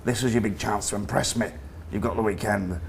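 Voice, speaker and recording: A man's voice: fairly low pitch, fairly even intonation, fairly quick, creaky, slight background noise. Man putting on a crude northern boss. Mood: gruff bossy. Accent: Northern English. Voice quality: blunt, sweary. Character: crude bullying middle-aged male creative director.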